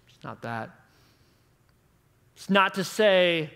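A man in his thirties preaching a conference sermon with rhetorical questions, moving between hushed and emphatic delivery. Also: fairly high pitch, animated, takes it slowly, creaky, long pauses, clear, resonant tone.

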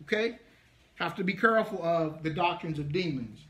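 A man's voice: fairly high pitch, lively intonation, fairly quick, bright, forceful tone. A man teaching an interactive Bible study, leaning hard on key points and stretching words for emphasis. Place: congregation meeting room.

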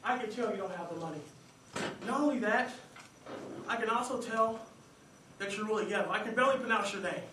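A man voicing a blunt young woman on a date in a flat, matter-of-fact way, inside his comic speech. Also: high voice, a little fast, pauses often, background noise, voice pushed down, natural voice. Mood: dismissive. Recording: echoey hall, distant mic.

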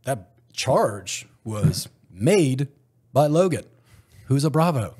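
A man, a former special forces soldier, telling a story as a podcast guest in casual, animated talk, acting out other people's lines and laughing often. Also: medium pitch, takes it slowly, breathy edge.

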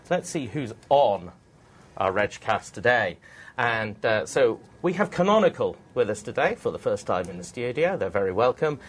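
A man's voice: mid-range voice, very animated, moderate pace, husky. A man hosts a technology webcast from a studio. He talks in a jokey, teasing way, often restarting his sentences. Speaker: webcast host. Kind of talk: hosting a studio tech webcast.

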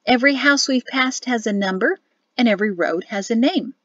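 A woman reading an audiobook, voicing a patient, affectionate wife and mother who speaks in a gently soothing, encouraging way. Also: fairly high pitch, brisk, no room sound, highs cut off, pitched above the performer's own voice.

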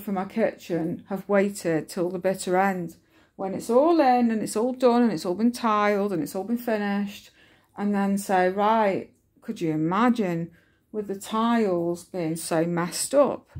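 A woman's voice: medium pitch, a little mellow. Lady vlogging at home, fed up and ranting, swears a lot, rambles with ums. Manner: frustrated, ranting, swears freely, rambling with fillers. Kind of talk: casual vlog monologue.

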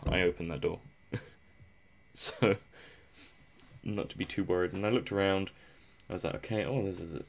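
A young man giving casual, rambling commentary over a survival game, self-mocking and chuckling often. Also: low voice. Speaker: gameplay commentator.

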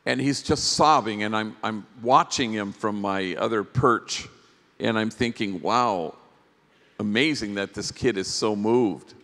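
Slow, gentle priest storyteller in a hall. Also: male voice, on the low side. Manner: gentle, reflective storyteller with pauses. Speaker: priest giving a workshop talk. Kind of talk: storytelling keynote talk. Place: large conference hall. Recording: long hall reverb.

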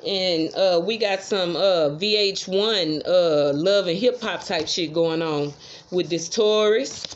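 A woman's voice: lowish voice, slow pace, muffled recording. A woman giving a casual tarot reading, chatty and swearing freely, with affirmations she repeats over and over. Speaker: tarot reader.

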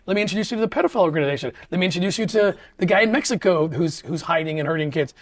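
Earnest halting man, slightly high voice. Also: animated. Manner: earnest, halting, with many restarts. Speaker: interview guest. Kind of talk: casual conversation.

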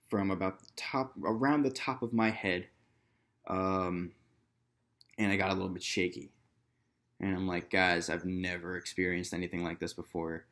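A man's voice: low-pitched, fairly bright tone. A young man casually telling a personal story to camera in a loose, rambling way, full of fillers and quoted dialogue. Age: young adult. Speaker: vlogger.

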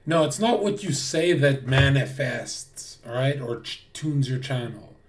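A man's voice: mid-range voice, measured pace, far from the mic, a little hiss or hum. A man streaming to his chat, ranting in a blunt, preachy way with lots of swearing. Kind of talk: livestream rant to chat.

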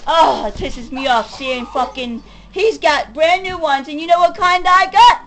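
A woman's voice: sits high, a little slow, background noise. A woman in her forties venting in an angry, rambling, profane monologue. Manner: furious, profane, rambling rant. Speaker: vlogger.

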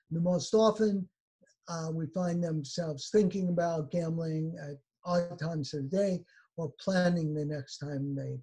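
A man giving an academic presentation over slides, listing research findings in a measured way with frequent fillers. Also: fairly high pitch, dark tone, breathy edge, low-quality recording. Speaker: lecturer.

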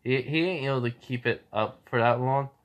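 A man's voice: mid-range voice, moderate pace. A man casually telling a fan story, rambling with lots of fillers.

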